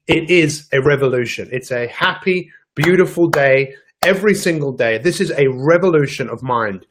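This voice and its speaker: A man giving a live motivational talk as a life coach, addressing viewers directly with emphatic energy. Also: a little high.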